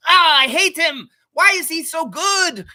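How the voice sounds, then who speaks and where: A man voicing a scheming, petulant old male tycoon villain with shrill, whiny outbursts. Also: expressive, a little slow, sharp tone, full character voice. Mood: frustrated.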